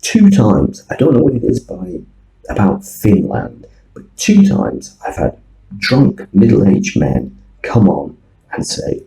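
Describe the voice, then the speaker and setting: A man with a low, gravelly voice tells wry, rambling anecdotes about his online students. His delivery is lively and full of ums, with a dark, mellow tone. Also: slow pace, low-quality recording. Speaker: online English teacher. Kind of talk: casual anecdotal vlog.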